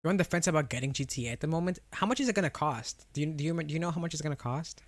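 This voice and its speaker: A young man streaming races through casual chat with his viewers in a slightly high voice full of lively intonation, recorded with no echo. His R and W sounds are a bit lisped, and he rambles, laughs, and restarts often while responding to chat.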